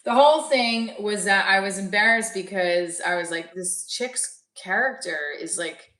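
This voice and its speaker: A woman's voice: medium pitch, measured pace, a bit bright. A woman comedian chatting casually on a livestream, rambling and interrupting herself as she works out jokes. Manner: rambling, self-interrupting, jokey. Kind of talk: casual chat with live chat. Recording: echoey room, voice a bit far from mic.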